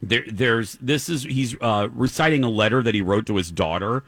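A man hosting a podcast, talking about movies in an animated, exasperated way. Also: mid-range voice, moderate pace, dry recording. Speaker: podcast host. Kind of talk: casual chat about movies.

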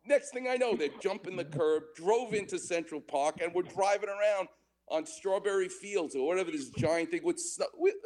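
A man in his sixties hosting a call-in radio show as a doctor, an animated storyteller who laughs often. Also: high voice, normal speed.

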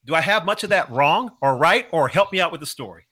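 A man hosting a podcast interview, telling a story in an animated way and asking leading questions. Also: fairly high pitch, a little fast, very noisy. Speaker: podcast host.

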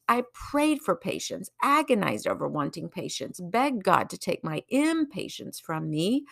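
A middle-aged woman hosting a devotional podcast, talking in a chatty, self-deprecating, animated storytelling way. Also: lowish voice, creaky, dry recording, clean studio sound. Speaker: podcast host.

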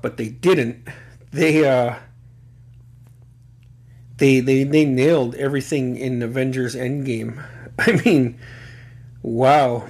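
A middle-aged man hosting a podcast in casual chat, rambling with lots of fillers and cheerful swearing. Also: mid-range voice. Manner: excitable and profane, rambling with many fillers. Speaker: podcast host.

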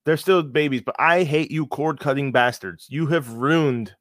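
A man's voice: fairly high pitch, normal speed, a bit bright, dry recording, studio quality. A man from Connecticut co-hosting a podcast, mock-ranting and swearing playfully. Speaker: podcast co-host. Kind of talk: casual banter.

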